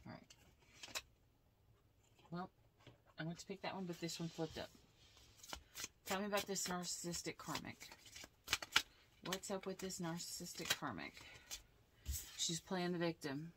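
A woman doing a casual tarot reading, blunt and animated, swearing freely. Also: fairly low pitch, a little slow, pauses often, noisy background. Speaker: tarot reader.

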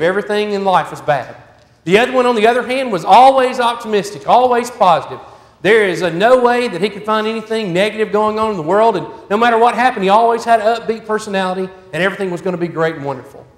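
A man preaching in a high, light voice, telling his points in a folksy, down-home way. The sermon is recorded in a church sanctuary with a roomy sound and a long reverb tail. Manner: folksy storytelling. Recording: echoey church hall.

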